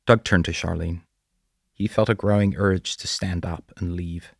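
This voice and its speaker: A man narrating a story in a measured, quiet way. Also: deep voice, steady tone, vocal fry, slightly rough, dry recording, clean studio sound. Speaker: audiobook narrator. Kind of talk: scripted narration.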